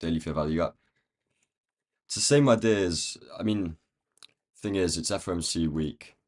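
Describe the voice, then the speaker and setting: A man with a croaky, rough-sounding voice, thinking aloud in casual commentary as he marks up trading charts on a live stream. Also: low-pitched, moderate pace. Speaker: day trading livestream host.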